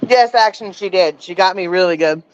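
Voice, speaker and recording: A woman's voice: fairly low pitch, a little fast, clean tone, muffled recording. A woman guest telling her story in casual chat, rambling with many false starts.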